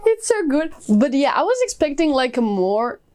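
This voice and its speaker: A woman with a slightly high voice talks through her favorite books in a casual vlog. She gushes with enthusiasm and scatters "like" and "uh" all through her sentences. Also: sing-song, normal speed, a little mellow. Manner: gushing, enthusiastic, many fillers like "like". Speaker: book reviewer. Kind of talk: casual book review vlog.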